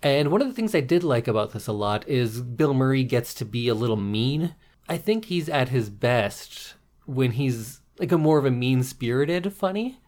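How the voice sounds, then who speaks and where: A man co-hosts a casual podcast with a relaxed, jokey manner. His voice sits at an ordinary middle pitch, and he drifts into dry asides between points. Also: moderate pace. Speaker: podcast co-host. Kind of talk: casual chat.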